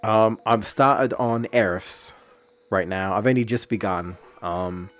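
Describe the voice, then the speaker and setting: A man's voice: lowish voice, slow pace, a bit bright. A man, streaming and chatting casually, rambling with many fillers and restarts. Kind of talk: casual chat about a story.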